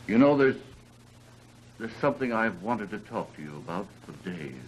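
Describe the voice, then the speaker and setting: A gentle low-voiced suitor in an old film. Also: male voice, very animated, moderate pace, rough recording. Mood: tender. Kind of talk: 1930s film acting. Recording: old film soundtrack with faint noise.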